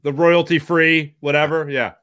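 A man co-hosting a casual sports talk show, animated and jokey, jumping between tangents. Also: on the high side, normal speed. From Philadelphia area. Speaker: sports radio co-host.

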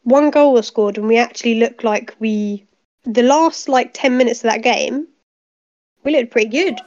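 An exasperated woman rambles through a casual chat and swears freely. Her voice sits a little high. It comes through a dull, lo-fi mic. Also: moderate pace, a little mellow. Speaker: podcast co-host.

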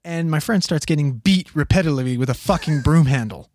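Here a young man who works as a paramedic races through a wild tale from his shifts, cursing freely and impersonating the people in it with lots of energy. His voice runs a little high and fast, captured in studio quality without room sound.

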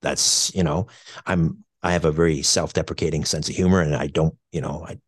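Low-voiced man telling a story, dry sound. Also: fairly even intonation, fairly quick, husky, no room sound. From Canada. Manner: hesitant and reflective, many fillers and restarts. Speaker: radio show co-host. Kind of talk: personal storytelling.

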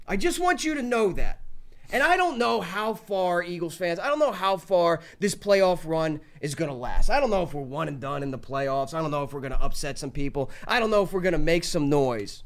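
A man's voice: on the high side, animated, fairly quick. A man hosting a sports podcast, talking emphatically, repeating himself and teasing rivals in a mock-sweet tone. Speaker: podcast host. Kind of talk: sports talk podcast rant.

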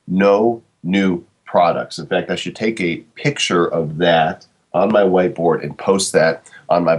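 A man's voice: low-pitched, husky. A man in his forties hosting a talk show, speaking reflectively with frequent fillers and restarts. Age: 40s. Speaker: podcast host. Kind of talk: casual monologue.

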